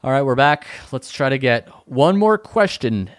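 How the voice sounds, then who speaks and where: A man's voice: medium pitch, big pitch swings, moderate pace, music in the background. A man co-hosting a comedic advice podcast, joking around and reading listener letters aloud. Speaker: podcast co-host.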